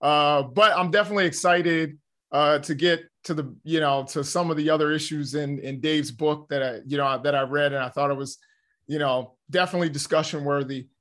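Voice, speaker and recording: A man's voice: on the high side, fairly even intonation, brisk, fairly bright tone. Slightly breathless male co-host. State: a little out of breath. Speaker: talk show co-host. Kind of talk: casual chat and interview questions.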